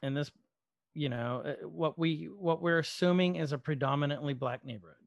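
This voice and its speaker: Gravelly, animated man recapping an episode. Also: a little high, normal speed, dry recording. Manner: animated retelling with quoted dialogue, swearing. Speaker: podcast co-host. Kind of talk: casual chat recapping a show episode.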